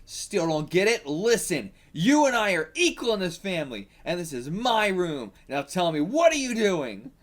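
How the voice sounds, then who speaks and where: A man's voice: high voice, big pitch swings, moderate pace, hardly any pauses, pitched above the performer's own voice. A man reading as a proud, firm teenage girl. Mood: indignant. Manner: firm, insistent.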